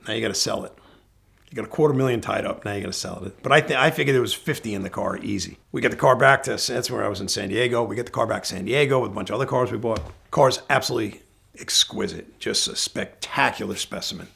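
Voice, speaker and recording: A middle-aged man with a strongly gravelly, creaky voice at a medium pitch tells stories from his years as a car dealer. He talks in a lively way and acts out each line of dialogue. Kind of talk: storytelling anecdote.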